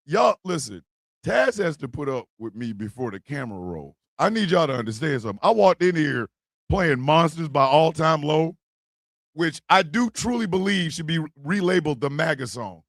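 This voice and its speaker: A man hosting a podcast, loudly joking and bursting into song and laughter. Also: fairly high pitch, big pitch swings, normal speed, dry recording. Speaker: podcast host. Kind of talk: rowdy comedic podcast banter.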